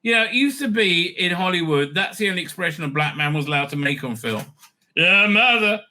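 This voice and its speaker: Sharp-toned, sarcastic male commentator. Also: on the high side, expressive, fast. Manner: sarcastic and profane, with exaggerated mock voices. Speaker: commentary channel host. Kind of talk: mocking casual commentary over clips.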